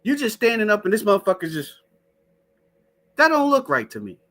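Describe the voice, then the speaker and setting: A high-voiced man hosting a loose live stream. He swears freely, doubts what he is shown, and keeps turning to his chat with a profane, skeptical edge. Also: huge pitch swings, a little fast, a bit bright, soft background music. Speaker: show host. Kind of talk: casual live-stream talk.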